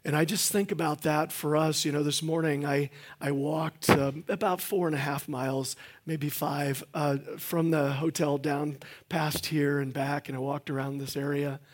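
At normal speed and with a flat delivery, a middle-aged man preaches as guest pastor in a church sanctuary. His pitch is fairly high, and the sermon is folksy and joking, peppered with fillers and restarts.

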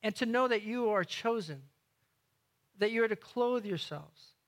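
A man preaching a sermon, telling a story with loud bursts and hushed, slow emphasis. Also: high-pitched, lively intonation. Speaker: guest preacher.

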